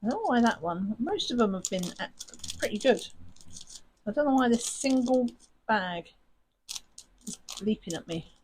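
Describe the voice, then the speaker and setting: A woman's voice: fairly high pitch, animated, normal speed, pauses often, a little mellow, a little hiss or hum, rough recording. A woman hosting a crafting channel, chatting in a rambling, self-mocking way while she sorts her supplies. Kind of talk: casual chat while sorting craft supplies.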